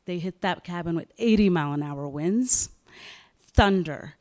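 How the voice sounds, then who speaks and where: A woman novelist tells a story at a live writers' event, animated and dramatic, acting out bits of dialogue. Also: fairly low pitch, a little slow.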